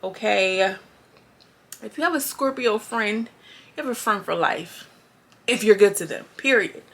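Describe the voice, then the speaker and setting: Chatty bright-voiced woman recapping a show. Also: medium pitch, a little slow. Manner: chatty, animated, slangy, acts out quotes. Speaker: YouTube reviewer. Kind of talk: casual reality-show recap.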